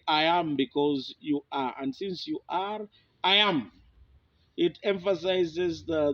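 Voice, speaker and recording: A man from Kenya, giving an informal philosophy lecture in an unhurried way, with many fillers and restarts. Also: on the high side, no room sound. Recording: dull, dry lo-fi recording.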